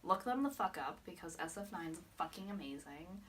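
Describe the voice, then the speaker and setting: A woman's voice: on the low side, animated, moderate pace, fairly bright tone, far from the mic. A young woman recapping a fan meet in a vlog, gushing, swearing a lot and laughing often. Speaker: vlogger.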